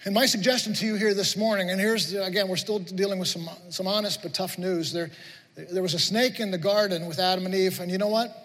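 Earnest high-voiced male pastor preaching. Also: fairly even intonation, fairly quick, fairly bright tone, long reverb tail, poor audio. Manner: earnest, repetitive, building to emphatic questions. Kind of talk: sermon. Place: church sanctuary.

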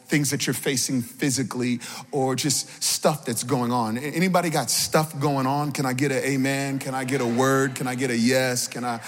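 A man's voice: medium pitch, in a large hall. A man preaching a sermon as pastor, calling out to the congregation for responses and building in energy as he goes. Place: church sanctuary.

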